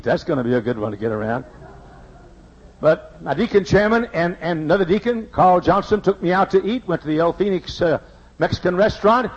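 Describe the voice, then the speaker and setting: High husky-voiced pastor from texas preaching in a big church, muffled lo-fi sermon tape. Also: male voice. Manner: swings from hushed confessions to shouted preaching. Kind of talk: emotional sermon storytelling. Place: large church sanctuary.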